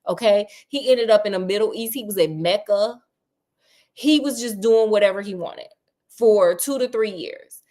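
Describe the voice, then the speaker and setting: A woman's voice: medium pitch, moderate pace, mellow. A young adult woman hosting a casual retelling of a classic story, chatty, sassy and slangy, asking a listener questions. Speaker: storyteller host.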